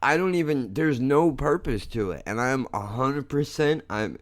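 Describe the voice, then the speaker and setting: A man hosting a podcast, chatting casually and excitably with lots of swearing and laughter as he reacts to clips. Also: mid-range voice, moderate pace. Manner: excitable, profane, laughs often. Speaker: podcast host.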